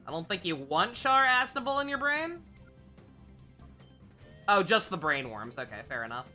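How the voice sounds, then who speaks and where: A woman streamer talks through her game in a loose, rambling way, swearing and filling gaps with "uh" and "like." Her voice sits low but has a bright, forward edge, and faint music plays behind her. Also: sing-song, normal speed. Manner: rambling and profane, with frequent fillers and laughs. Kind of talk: casual live gameplay commentary.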